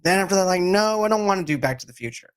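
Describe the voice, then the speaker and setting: A man's voice: high-pitched, lively intonation, rapid-fire, smooth. A man with a Boston accent hosting a casual movie chat, talking in an enthusiastic, rambling way. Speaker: podcast host.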